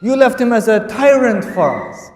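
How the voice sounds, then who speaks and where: A man's voice: very high-pitched, sing-song, moderate pace, voice pushed up. A man voicing a fearless old male pilgrim who answers a governor bluntly, in a lecture recorded in an echoey hall. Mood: defiant. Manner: blunt, plainspoken retorts.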